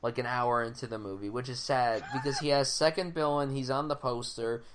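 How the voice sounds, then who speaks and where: A young man chats through film reviews on a podcast, blunt and casual and quick to swear. He stops and restarts his sentences as he works through his thoughts. His pitch sits in an ordinary middle range for a man. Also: steady tone, fairly bright tone, slight background noise. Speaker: podcast co-host. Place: home, audio only.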